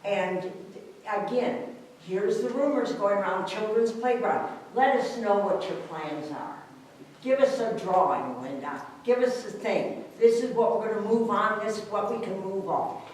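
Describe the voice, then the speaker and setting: An older woman speaking at a council meeting's public comment, emphatic and animated, acting out what neighbors told her. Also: mid-range voice, a little slow. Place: council meeting room, heard from far off. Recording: echoey room, distant mic, faint hum.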